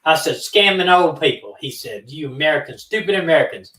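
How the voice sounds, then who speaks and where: A man co-hosting a casual live stream, telling stories with lively back-and-forth voices for each caller. His tone is bright and somewhat high. He sits away from the mic, so the room echoes around him. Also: fairly quick, distant mic, soft background music. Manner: animated, acts out both sides of phone calls. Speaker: co-host of a true-crime live stream. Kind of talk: casual storytelling. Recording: roomy, from off the mic.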